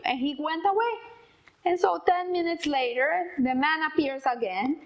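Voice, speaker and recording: High, gravelly woman telling a story. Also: lo-fi sound. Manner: halting, repeats words while telling a story. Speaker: speaker telling an inspirational story. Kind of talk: casual spoken storytelling.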